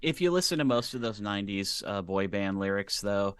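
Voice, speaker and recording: A low-pitched man chatting as a guest author, animated and storytelling, acting out bits of dialogue. His voice is close and dry, with no room sound. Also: a little fast, clear, resonant tone, no echo. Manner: animated storyteller, acts out quotes. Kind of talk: casual chat.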